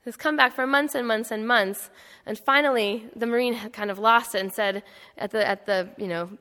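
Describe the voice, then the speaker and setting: A woman's voice: fairly high pitch, normal speed, a bit bright. A woman giving a public talk at an indoor event, chatty and anecdotal, with many fillers and restarts. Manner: conversational, storytelling with frequent fillers and restarts. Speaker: panel speaker. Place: indoor hall. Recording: long hall reverb.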